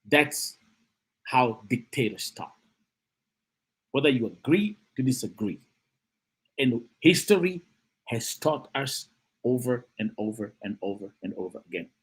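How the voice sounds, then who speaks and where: A man hosting a live-stream of political commentary, animated and emphatic, who repeats phrases and greets and reads out chat comments. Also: medium pitch, slightly rough.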